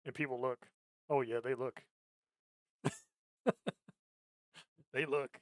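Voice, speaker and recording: Speaking slowly and steadily in a mid-range voice, this man hosts a podcast with no echo on the recording. His casual chat is full of rambling, profane stories and frequent laughter, all captured on a close mic.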